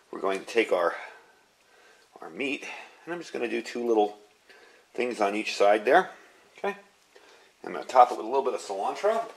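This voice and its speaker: A man in his fifties chatting casually as he walks through a cooking demonstration. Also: mid-range voice. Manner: chatty, relaxed, talks while cooking. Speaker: home cook.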